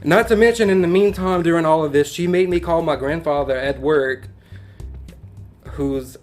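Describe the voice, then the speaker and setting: A man with a Cajun accent, a podcast guest telling a personal story in a lively, casual way, laughing as he goes and using Southern turns of phrase. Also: on the high side, moderate pace, soft background music. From Louisiana bayou country.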